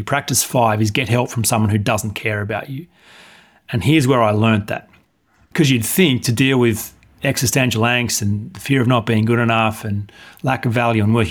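Blunt man telling a story. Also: fairly low pitch. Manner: blunt, animated retelling with acted dialogue. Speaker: life coach and author. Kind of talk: storytelling in a podcast interview.

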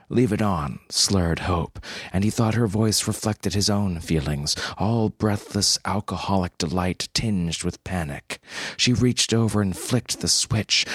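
Deep, slow, husky male storyteller. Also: no room sound, clean studio sound. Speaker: narrator. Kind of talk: scripted story narration.

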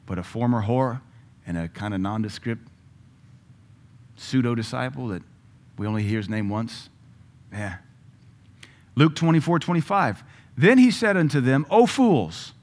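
A middle-aged man preaching a sermon, emphatic, with loud bursts when he quotes scripture. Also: medium pitch, animated, moderate pace, long pauses.

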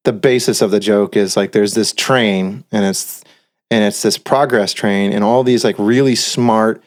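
A man co-hosting a podcast in casual chat, recounting stories in a relaxed way with lots of "like" and "you know". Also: fairly low pitch, unhurried. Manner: laid-back storyteller, filler-heavy. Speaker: podcast co-host.

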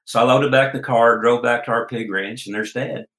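A man's voice: medium pitch, steady tone, a little fast, fairly bright tone. A man from Oklahoma, telling homespun stories as an interview guest in an earnest, folksy way. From Oklahoma, USA. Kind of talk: storytelling interview chat. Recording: roomy echo.

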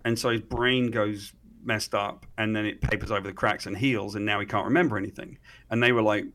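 A man's voice: lowish voice, a little fast. A man with a British accent, a comic writer guest telling a story casually in an interview, acting out the dialogue. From Britain. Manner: animated storyteller, acts out quoted dialogue.

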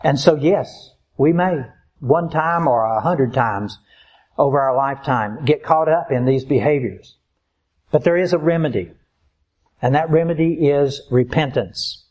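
A man preaching a sermon in an earnest, emphatic way, slowing down to stress key points. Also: fairly high pitch, darkish tone.

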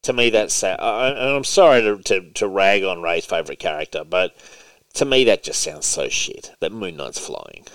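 A man's voice: low-pitched, expressive, moderate pace, fairly bright tone, no room sound. Blunt, teasing man with a dry-sounding voice. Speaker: podcast host. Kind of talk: casual chat.

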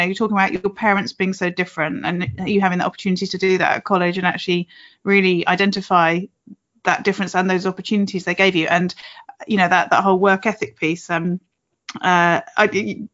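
A woman's voice: medium pitch, fairly even intonation, brisk, a bit bright, dull audio. Reflective woman interviewer, late forties. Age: late 40s. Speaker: interviewer, podcast host. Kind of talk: casual interview chat.

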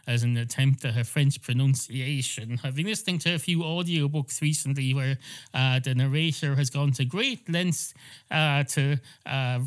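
A man's voice: medium pitch, lightly acted. Talking pub cat, male, pedantic and chatty, Irish lilt, as an Irish man puts him on. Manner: argumentative, fussy over words.

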